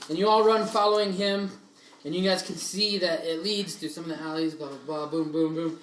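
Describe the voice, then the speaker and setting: High-voiced man running a tabletop game. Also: steady tone, a bit bright. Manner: brisk, laughing narration. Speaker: game master. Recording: echoey room, faint noise.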